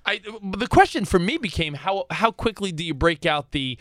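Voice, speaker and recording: High, lively man telling a story. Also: no echo, clean studio sound. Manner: rambling, halting, retells a story. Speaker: podcast host. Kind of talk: casual storytelling.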